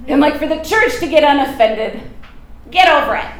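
A woman preacher giving an informal, emphatic sermon, animated and often laughing. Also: high-pitched, a little slow, echoey room, noisy background.

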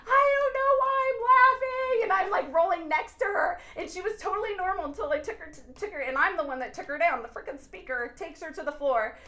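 A woman on a podcast sharing an animated faith testimony, earnest and preachy, often bursting into laughter and exclamations. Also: sits high, fast talker, hardly any pauses. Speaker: podcast guest. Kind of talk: excited faith testimony chat.

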